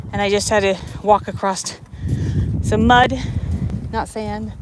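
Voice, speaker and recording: A woman's voice: mid-range voice, steady tone, slow, noisy background. An American woman chatting live to her viewers while she walks across a tidal bay, out of breath, filmed on a handheld phone. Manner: chatty, talks straight to viewers while walking. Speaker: livestream vlogger. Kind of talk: casual live-stream chat. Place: outdoors on a tidal bay shore. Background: outdoor ambience.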